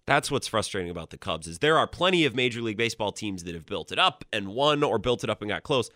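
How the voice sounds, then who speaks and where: A man's voice: fairly low pitch, fast talker, dry recording. A young adult man hosting a sports talk radio show, casual and opinionated, speaking into a studio microphone. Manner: opinionated, animated and conversational.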